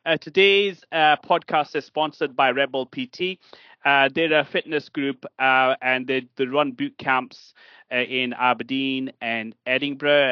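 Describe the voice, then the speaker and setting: A man's voice: medium pitch, clean tone, no room sound. A man hosting a casual podcast chat, speaking hesitantly with many fillers and restarts. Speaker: podcast host. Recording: dull lo-fi dry sound.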